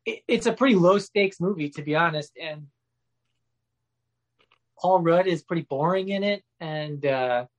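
A man's voice: a little high, measured pace, pauses often. A man ranting in casual podcast chat, profane and exasperated, often restarting his sentences. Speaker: podcast co-host or guest.

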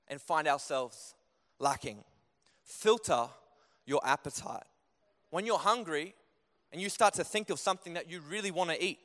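A young man preaching a sermon in a church, telling stories in an animated way that climbs higher and louder as he gets going. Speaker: pastor. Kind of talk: sermon with personal storytelling. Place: church hall. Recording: long hall reverb.

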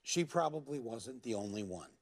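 A man speaking earnestly as a guest in a televised interview, halting and repeating words as he goes. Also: mid-range voice, lively intonation, husky.

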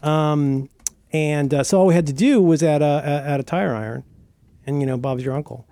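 Rambling, animated man in dry chat. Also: on the high side, moderate pace, no room sound. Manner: animated, rambling, many fillers and restarts. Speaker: podcast co-host. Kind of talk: casual chat.

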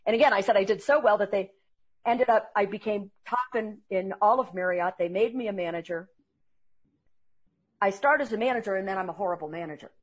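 Husky woman sales trainer, animated earnest storyteller in an interview. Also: medium pitch, fairly quick. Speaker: sales trainer and seminar speaker. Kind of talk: interview guest telling stories.

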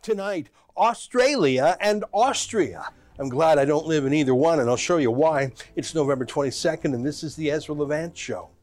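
A man's voice: a little high, moderate pace, darkish tone. A man hosting his own podcast, delivering a political commentary monologue full of emphatic rhetorical questions. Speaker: podcast host.

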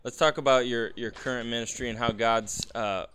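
A man's voice: mid-range voice, steady tone, brisk, fairly bright tone, slight background noise. A man hosting an interview podcast who asks questions and gives brief, encouraging replies. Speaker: podcast host.

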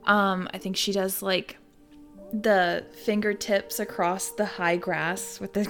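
A woman's voice: medium pitch, takes it slowly, soft background music. Woman player in a tabletop game, easygoing, hesitant delivery. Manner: relaxed and hesitant, with ums. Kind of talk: casual tabletop role-play.

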